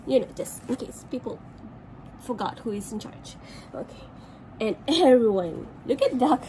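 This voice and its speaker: A woman's voice: on the high side, lively intonation, normal speed, mellow, a little hiss or hum, low-quality recording. A woman from Malaysia, a teacher, reading a picture book aloud to children with chatty asides about the pictures. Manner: chatty asides to young listeners, pointing at pictures.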